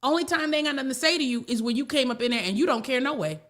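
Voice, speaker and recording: A woman's voice: high-pitched, lively intonation, very fast, a bit bright. A woman spiritual teacher, talking casually in a blunt, folksy way and repeating herself for emphasis. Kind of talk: casual talk.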